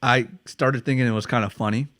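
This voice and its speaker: A man's voice: medium pitch, fairly even intonation, fairly quick, a bit bright, no echo. American guy hosting a podcast, cussing and cracking up telling stories, dry close mic. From United States. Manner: swears freely, laughs often while telling stories. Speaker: podcast host. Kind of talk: casual storytelling chat.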